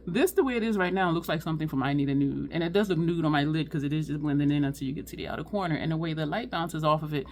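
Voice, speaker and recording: A woman's voice: low voice, very fast, few pauses, darkish tone. A woman chatting casually through a makeup tutorial at home, sweating and talking to her viewers as "y'all". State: sweating, overheated. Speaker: beauty vlogger.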